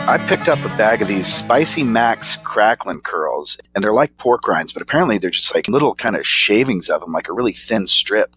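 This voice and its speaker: Male podcast co-host, low voice, relaxed rambling delivery, laughs easily. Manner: laid-back, rambling, chuckles often. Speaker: podcast co-host reviewing snacks. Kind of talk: casual chat.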